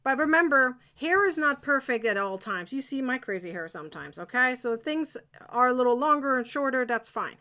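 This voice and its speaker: A woman's voice: high-pitched, lively intonation, fairly quick, few pauses, bright, forceful tone. A woman teaching a live crochet-along, chatty and encouraging, often checking that viewers are following.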